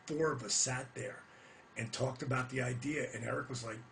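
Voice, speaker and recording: Gravelly middle-aged man telling stories. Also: mid-range voice, moderate pace, slight background noise. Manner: animated, profane storyteller who gets loud reliving moments. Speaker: retired pro wrestler. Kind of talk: casual storytelling rant.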